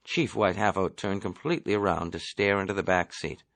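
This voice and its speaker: A man reading a novel aloud as an audiobook, in a measured storytelling delivery. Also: low voice, steady tone, creaky, fairly bright tone, dry recording. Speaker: audiobook reader. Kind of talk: novel narration.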